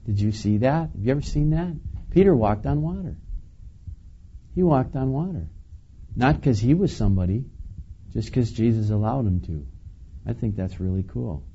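A man preaching a sermon in a relaxed, conversational way, chuckling now and then and asking the listeners questions. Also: medium pitch, normal speed, pauses often, lo-fi sound, slight background noise. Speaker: pastor.

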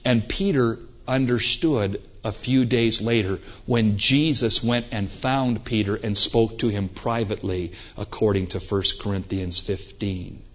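A man preaching a sermon emphatically, swinging between loud climaxes and quiet moments, with rhetorical questions. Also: fairly low pitch, measured pace, few pauses. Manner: emphatic, rising and falling for effect, rhetorical questions. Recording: dull lo-fi recording.

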